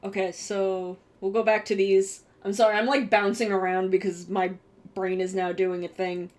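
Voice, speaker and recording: A young adult woman chatting casually on a live stream, excitable and swearing, with bursts of gushing. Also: medium pitch, moderate pace.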